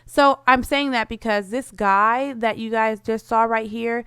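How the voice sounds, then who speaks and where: A woman's voice: fairly high pitch, fairly even intonation, a little slow, sharp tone, clean tone, dry recording, studio quality. A woman giving casual, bubbly commentary over her life-simulation gameplay, full of "like" fillers. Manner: chatty, bubbly, lots of "like" fillers.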